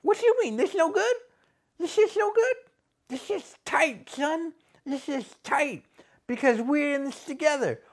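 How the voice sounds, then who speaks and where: A man's voice: very high voice, animated, unhurried, pitched above the performer's own voice, exaggerated voice. A man voicing a crude, boastful male wrestler who poses as a gangster, talking with swaggering slang in a comedy sketch. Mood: cocky.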